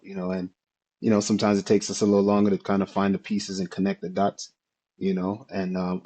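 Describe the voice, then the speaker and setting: A man in his thirties, a guest fighter on a remote interview, talking in an upbeat, steady way and often tagging his lines with "you know what I mean". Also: deep voice, dull audio.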